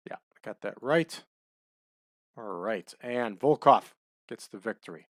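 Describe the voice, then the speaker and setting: A man giving relaxed, chatty commentary over a wrestling management game, adding trivia as he goes. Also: lowish voice, a little slow, dry recording, studio quality. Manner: laid-back, chatty, adds wrestling trivia.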